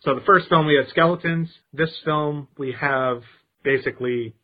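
Husky man on a tinny phone-like line. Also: on the high side, moderate pace. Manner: wry, explains the plot with jokey asides. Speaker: podcast co-host. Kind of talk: casual movie commentary, recapping the plot.

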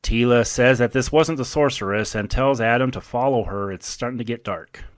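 A man's voice: mid-range voice, normal speed, dry recording. A man casually recapping a movie scene by scene, chuckling often as he goes. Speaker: movie recap podcast host.

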